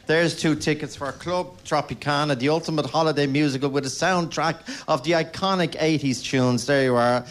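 A man's voice: a little high, moderate pace, few pauses. A man hosting a live broadcast, bantering jovially with his audience. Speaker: radio host. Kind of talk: live radio broadcast from a hotel.

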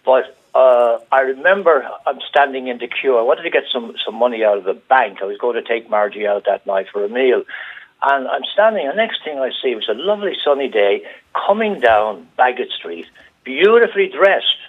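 An older Irish man on a phone-in show, telling an animated anecdote and acting out the voices of the people in it. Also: medium pitch, normal speed. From Ireland. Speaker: radio caller. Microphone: telephone. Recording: tinny phone line.

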